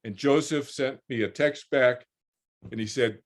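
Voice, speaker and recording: A man in his sixties tells a personal story with animated energy, his voice at an ordinary middle pitch. He stumbles and repeats words as he goes and slips into the voices of the people he quotes. The sound is that of a video call. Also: a little slow. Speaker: interview guest, author.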